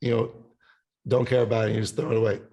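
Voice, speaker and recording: Racing along in a medium-pitched, flat, mellow voice with vocal fry, a male musician guesting on a podcast chats loosely. He has an Italian family background, swears often, and drifts into sung snippets as he rambles.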